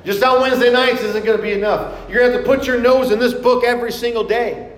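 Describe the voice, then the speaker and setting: A middle-aged male pastor preaching a sermon, earnest, slowing down for scripture quotes. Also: very high voice, steady tone. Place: church sanctuary. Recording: echoey hall, mic in room.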